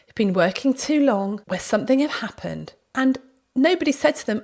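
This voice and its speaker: A woman hosting a podcast, telling anecdotes in a lively, casual way. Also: high voice, moderate pace. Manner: lively storytelling, acts out quoted speech. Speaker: podcast host.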